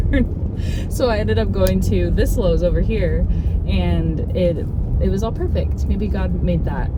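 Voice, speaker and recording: A young adult woman and stay-at-home mom, chatting casually while driving and thinking out loud with lots of filler words. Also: fairly low pitch. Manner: rambling, talks through her thoughts with many "like"s. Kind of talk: casual chat.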